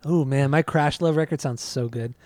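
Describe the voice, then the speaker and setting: A man's voice: on the high side, moderate pace, a little mellow, no echo. A man hosting a podcast, chatting in an easygoing way and steering the talk back on topic. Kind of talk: casual chat.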